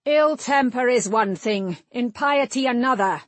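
A woman's voice: fairly high pitch, unhurried, no echo, pitched above the performer's own voice. A stern, snapping lord, as a woman reads him. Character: angry commanding male lord.

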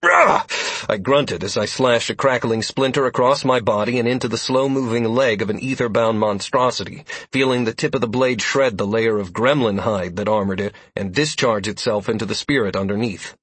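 Husky-voiced male audiobook narrator. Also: fairly low pitch, a little fast, hardly any pauses, dry recording. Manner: steady storytelling. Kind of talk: scripted first-person narration.

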